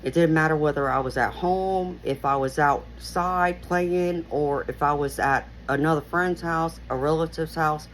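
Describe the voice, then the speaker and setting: A woman's voice: deep voice, measured pace, few pauses, a little hiss or hum, low-quality recording. Earnest woman telling a personal story. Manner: rambling, heavy use of "you know" fillers; earnest, reflective retelling. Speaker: channel host.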